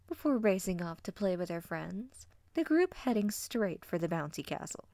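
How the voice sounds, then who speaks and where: A woman reading fanfiction aloud as a storybook narrator, steady and expressive. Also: lowish voice, moderate pace, few pauses, no room sound, studio quality. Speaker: fanfiction reader.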